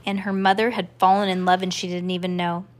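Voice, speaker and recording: A woman reading a children's storybook aloud to a child, with a calm storytelling cadence. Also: lowish voice, a little fast. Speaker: reader to a child.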